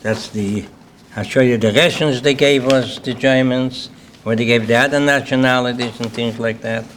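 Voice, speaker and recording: A man's voice: mid-range voice, steady tone, normal speed, fairly bright tone, slight background noise. Older man with a Lithuanian accent. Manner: plain-spoken, repeats "okay?" to the audience. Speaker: Holocaust survivor speaker. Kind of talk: personal testimony talk. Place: symposium hall.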